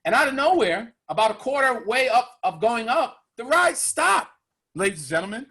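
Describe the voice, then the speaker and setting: Lively high-voiced man telling a story. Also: brisk, husky. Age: 30s. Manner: animated, profane storyteller addressing the audience. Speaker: podcast host. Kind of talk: casual storytelling chat.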